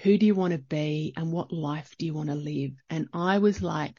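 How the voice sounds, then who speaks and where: Reflective woman, husky and low. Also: normal speed, few pauses, warm tone, dry recording, lo-fi sound. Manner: reflective, chatty, with frequent restarts. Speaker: podcast host. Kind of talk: solo podcast monologue.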